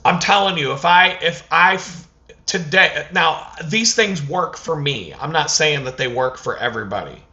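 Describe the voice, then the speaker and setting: A man's voice: on the high side, normal speed, dull audio. A man telling a story in a casual vlog rant, swearing often and acting out what people said to him. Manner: profane, animated storytelling with acted-out quotes. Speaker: vlogger.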